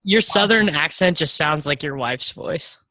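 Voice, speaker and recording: A sarcastic man co-hosting a podcast, needling the others. His voice is fairly high with a sharp, bright edge, and the sound is dry and close to the mic. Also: lively intonation, a little slow, no room sound. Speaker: podcast co-host. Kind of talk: casual chat.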